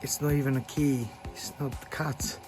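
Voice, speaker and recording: A man's voice: medium pitch, little pitch movement, moderate pace, over music. A man in a casual vlog, talking in a sulky, complaining way. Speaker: vlogger's partner.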